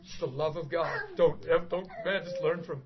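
Middle-aged male preacher, high voice, lively storyteller, muffled lo-fi sound. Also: moderate pace, a crowd in the background. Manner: animated storytelling, bursts into shouting and laughter. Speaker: pastor. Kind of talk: sermon. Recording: dull lo-fi sound.

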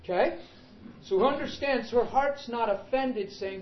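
A man preaching a sermon in an emphatic, animated way, calling out to the congregation. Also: very high voice, a little slow, echoey room, lo-fi sound, a little hiss or hum.

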